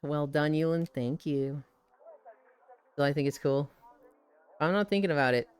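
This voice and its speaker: Tired low-voiced Midwestern woman streamer. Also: normal speed, clean tone. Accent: light Midwestern American. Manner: tired, chatty, swears casually. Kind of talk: casual live-stream chat.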